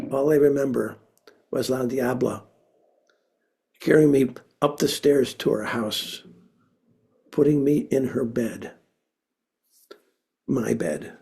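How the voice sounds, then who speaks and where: A man from Minnesota telling a personal story to an audience, expressive, with sudden drops to a hush. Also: medium pitch, vocal fry, slightly rough. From Minnesota, USA.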